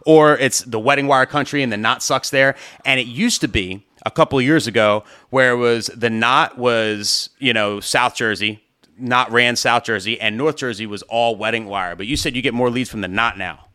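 A man's voice: medium pitch, moderate pace, pushed and bright, dry recording. A man hosting a podcast in casual, loose chat, swearing freely and filling with "like" and "you know.". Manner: loose and profane, lots of fillers. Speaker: podcast host.

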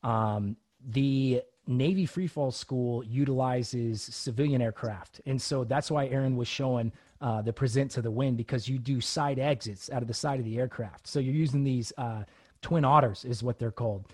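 A podcast host and former Navy special operator hosts a casual chat, telling military training stories in a mid-range voice at a moderate pace. He is animated, laughs often, and acts out quotes.

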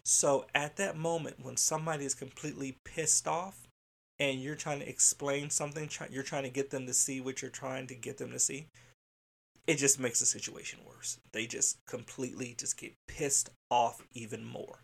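A man who directs childcare centers, telling a workplace story in a candid, animated way, swearing freely and laughing. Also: medium pitch, normal speed, gravelly. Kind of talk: casual storytelling monologue.

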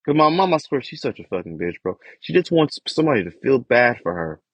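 A man's voice: medium pitch, very animated, a little fast, slightly rough, dry recording. A young man ranting with frustration and heavy profanity in a casual podcast monologue about his family. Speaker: podcast host. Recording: dull lo-fi dry recording.

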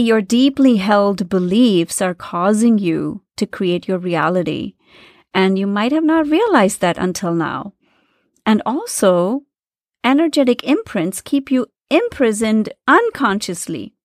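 A woman's voice: medium pitch, no room sound, studio quality. Earnest woman hosting a self-help podcast. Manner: earnest, coaching, speaks directly to listeners. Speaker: podcast host.

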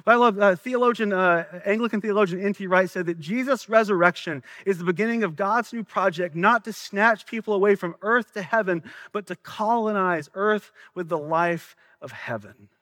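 A man's voice: high voice, normal speed, hardly any pauses, fairly bright tone, no room sound. A man with a Southern accent preaching a sermon, earnest and questioning, with some stumbles and repeated words. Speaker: pastor.

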